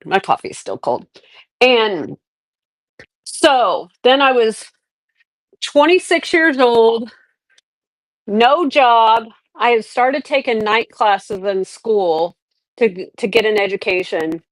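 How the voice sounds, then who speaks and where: A middle-aged woman with a fairly high, lively voice speaks slowly and leaves long pauses, with no echo. Hosting a casual livestream, she rambles through her life story in a candid, reflective way, often restarting.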